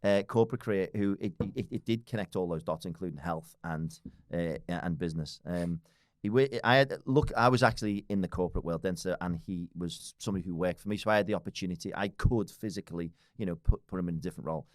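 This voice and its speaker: A man's voice: sits low, quick pace, no echo, clean studio sound. A man in his forties with a British accent, talking bluntly as a podcast guest, swearing freely and laughing often. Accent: British English. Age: 40s. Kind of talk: casual podcast conversation.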